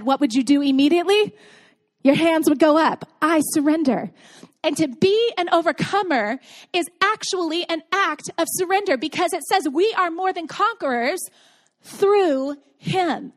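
A woman in her thirties preaching a sermon to her congregation in a conversational way, telling stories and asking rhetorical questions. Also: sits high. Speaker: pastor. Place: church sanctuary with congregation.

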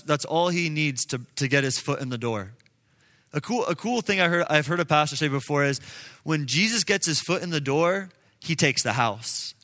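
A man's voice: on the high side, pushed and bright. A man in his twenties giving a casual, earnest testimony to a group, with many fillers. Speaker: speaker addressing a group. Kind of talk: personal testimony and preaching. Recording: long reverb in a large room.

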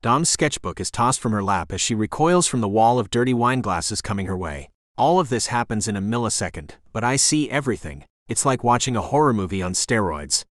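A man narrates a first-person romance audiobook in a measured storytelling way. His voice sits on the low side. The recording is close and dry. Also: a bit bright, no echo.

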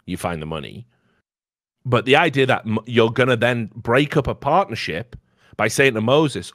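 A man's voice: mid-range voice, expressive, moderate pace, a bit bright, no room sound, studio quality. A man on a podcast in casual, opinionated chat, ranting bluntly and swearing freely. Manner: blunt and profane, heated ranting. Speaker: podcast host.

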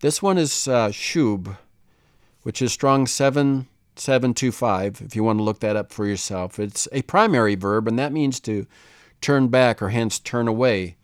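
A man teaching the Bible in a relaxed, conversational way, often checking in with "right?". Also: medium pitch, moderate pace, clear, resonant tone, no room sound, clean studio sound.

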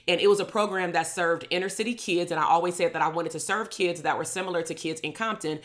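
A woman in her thirties from the Los Angeles area, a clinical psychologist telling her own story in an animated, sassy way and acting out the people in it. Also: on the low side, fast talker. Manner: animated, sassy, swears freely, acts out voices of others. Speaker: podcast host, clinical psychologist. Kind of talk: personal storytelling.

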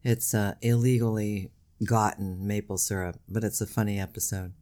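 A man co-hosting a podcast in casual chat, teasing and jumping up in pitch when he jokes. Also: steady tone, normal speed, dark tone. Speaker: podcast co-host.

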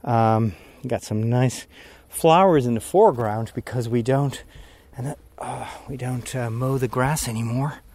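A priest podcaster recording a casual vlog outdoors while walking, a bit out of breath, talking in a rambling, easily distracted way. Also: male voice, medium pitch, a little slow, hardly any pauses, a little mellow, no echo. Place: outdoors on a walk at sunset.

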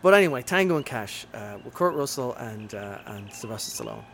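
A man's voice: lowish voice, big pitch swings, fairly quick, gravelly, faint music behind. Rambling, enthusiastic man chatting movies. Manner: enthusiastic, rambling with many fillers. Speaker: podcast co-host. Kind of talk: casual movie chat.

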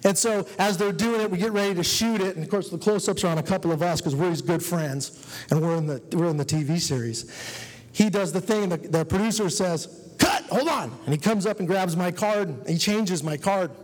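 A man's voice: sits high, brisk, a little mellow. A man giving an earnest personal testimony to a church congregation, telling his story and urging the listeners. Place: church hall. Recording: long reverb of a church hall.

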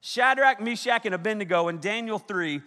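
A man in his thirties, a youth pastor preaching a sermon, telling stories with animated energy, shouting out quoted lines and laughing often. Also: high voice, normal speed. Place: large hall with a big audience. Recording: echoey hall with long reverb.

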